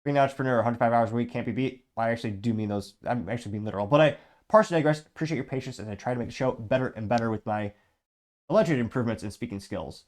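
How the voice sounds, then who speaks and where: A political commentary host reads viewer comments on his own show in a rapid, blunt, sarcastic manner. He is over-caffeinated from lots of coffee, speaking in a mid-range voice.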